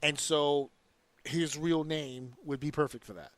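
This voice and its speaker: A podcast host rants heatedly about wrestling, full of profanity and slang, slipping into slang and mimicked voices as he goes. His voice is on the high side, steady and a bit bright, and he talks a little slowly. There's no room sound on the recording.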